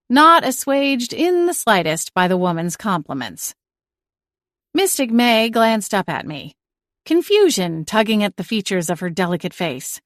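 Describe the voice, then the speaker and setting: A woman's voice: mid-range voice, no echo. Woman narrating in a dry studio sound. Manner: even, measured storytelling. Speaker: audiobook narrator. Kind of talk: scripted first-person audiobook narration.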